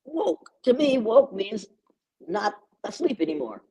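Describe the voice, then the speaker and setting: A woman's voice: fairly low pitch, animated, moderate pace, darkish tone, husky, rough recording. An older American woman speaking as an interview guest, emphatic and repeating words for stress. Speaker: guest educator. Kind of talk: conversational interview.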